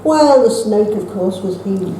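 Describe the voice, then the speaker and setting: A woman reading her own rhyming poems at an open mic in a steady recitation, with wry asides between them. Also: mid-range voice, unhurried, slight background noise. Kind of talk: poetry reading. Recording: echoey room with faint ambience.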